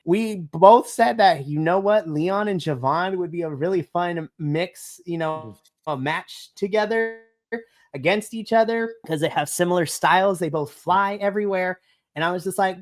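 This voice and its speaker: A woman co-hosting a casual wrestling review podcast, excitable and gushing, acting out her own reactions. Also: on the low side. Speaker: podcast co-host. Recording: online podcast conversation.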